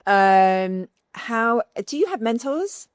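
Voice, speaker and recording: A woman's voice: fairly high pitch, very animated, slow pace, smooth, dry recording, clean studio sound. A woman hosting a podcast interview, asking friendly questions and closing the show. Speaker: podcast host.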